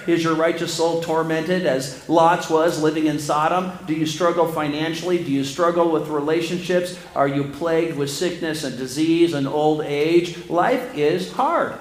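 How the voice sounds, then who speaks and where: Male preacher, fairly high voice, impassioned sermon delivery that swells to near shouts, echoey room. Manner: impassioned, rising to near shouts on scripture readings.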